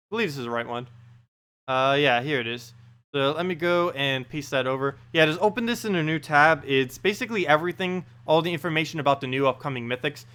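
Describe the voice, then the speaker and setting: A man's voice: medium pitch, bright, forceful tone, clean tone. A man live-streaming a game in casual chat, reading out viewers' messages and laughing often as he talks. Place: home in South Carolina.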